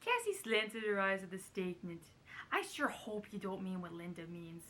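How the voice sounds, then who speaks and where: A woman doing a raspy, quavering older showbiz grande dame while reading a storybook page aloud theatrically. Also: mid-range voice, sing-song, moderate pace, a bit bright.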